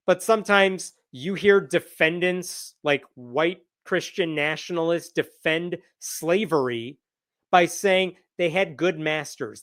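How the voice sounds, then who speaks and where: Indignant man with a higher voice. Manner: indignant, emphatic, sarcastic. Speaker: commentator. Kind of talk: commentary reading from a lawsuit.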